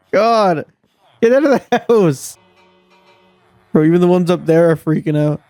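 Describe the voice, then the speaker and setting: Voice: mid-range voice, a little slow, dark tone, dry recording, faint music behind. A gameplay commentator talking casually, exasperated and swearing often, scolding game characters, with the voice leaping up when frustrated.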